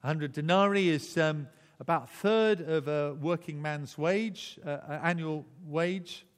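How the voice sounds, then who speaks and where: A man preaching a sermon in a relaxed, conversational way, often restarting phrases and chuckling. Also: on the high side, unhurried, clean tone, in a large hall.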